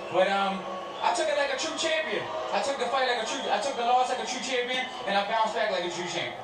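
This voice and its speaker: A man's voice: very high voice, quick pace, heavy reverb, far from the mic, very noisy. A man speaking as a winning boxer in a post-fight interview, confident and boastful.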